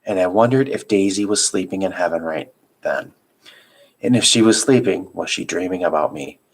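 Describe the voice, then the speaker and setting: A man reading a children's novel aloud, narrating in a calm, steady first-person voice. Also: deep voice, normal speed, creaky, breathy edge, rough recording. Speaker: reader.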